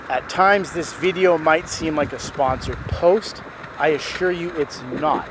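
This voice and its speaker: A man's voice: on the high side, unhurried, background noise. Enthusiastic male car vlogger. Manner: enthusiastic, chatty. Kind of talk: casual walkthrough narration. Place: car dealership showroom.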